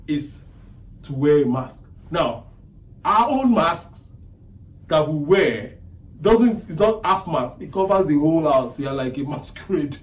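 A man preaching a sermon, emphatic, repeating his phrases and pausing for weight. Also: fairly high pitch, reverberant, distant mic, low-quality recording. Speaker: pastor.

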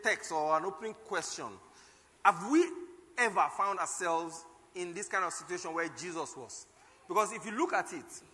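A man's voice: high-pitched, sharp tone, in a large hall. A man preaching a sermon, reading scripture aloud dramatically and calling out the quoted cries.

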